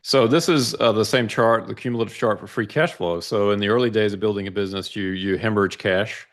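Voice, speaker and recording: A man's voice: fairly low pitch, fast. A man in a casual conversation, methodically walking through financial charts and often checking in with "right?". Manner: explanatory, methodical, asks "right?" to check understanding. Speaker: investment analyst guest.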